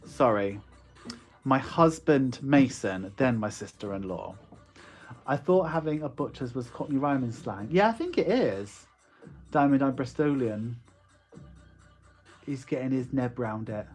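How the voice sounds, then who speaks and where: An online shop owner with a West Country English accent and a medium-pitched voice chats casually on a live stream. He reads viewer comments aloud and laughs often.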